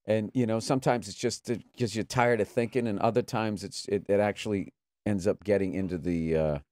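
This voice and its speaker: A man who is a TV writer, chatting casually in a studio with loose, halting phrasing. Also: on the low side, fairly even intonation, darkish tone, no room sound.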